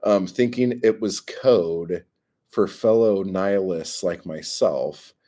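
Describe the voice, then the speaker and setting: A man's voice: deep voice, slow, dark tone. A man hosting a livestream, ranting in a profane, exasperated way and reacting to chat comments. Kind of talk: heated livestream rant.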